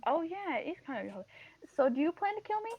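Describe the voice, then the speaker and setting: A woman's voice: sits high, sing-song, racing. A woman playing a tabletop game in character, tossing out playful, teasing comebacks. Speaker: player. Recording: dull lo-fi.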